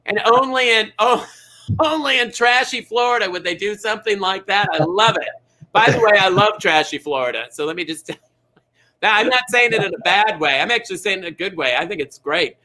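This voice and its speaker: A man's voice: high voice, lively intonation, a little fast, sharp tone, low-quality recording. A man hosting a live bingo show in a sassy, teasing, exaggerated way.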